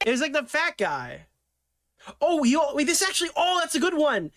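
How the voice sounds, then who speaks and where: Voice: sits high, big pitch swings, brisk, a bit bright. Casual reaction commentator, scoffing, profane, rambling.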